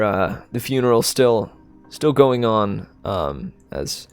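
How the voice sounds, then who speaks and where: Guy running a tabletop game, slow and laid-back, lots of ums. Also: fairly low pitch, clean tone, faint music behind. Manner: relaxed, hesitant, many fillers. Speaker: game master.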